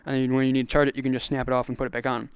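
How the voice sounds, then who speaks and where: A man's voice: mid-range voice, little pitch movement, very fast, clean tone, no echo. A young man chatting casually on a livestream, rambling with lots of fillers while answering chat. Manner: rambling, filler-heavy, reads chat aloud. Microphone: clip-on magnetic microphone.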